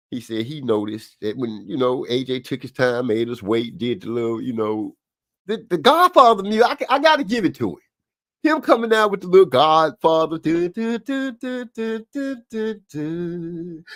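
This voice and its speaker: A man hosting a live stream, giving rambling, casual boxing commentary with lots of asides. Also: on the high side.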